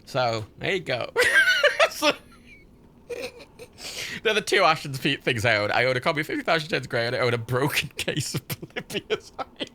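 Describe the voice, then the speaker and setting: A man's voice: mid-range voice, very animated, moderate pace, long pauses, sharp tone. A man chatting casually on his gaming livestream, rambling, swearing and laughing often.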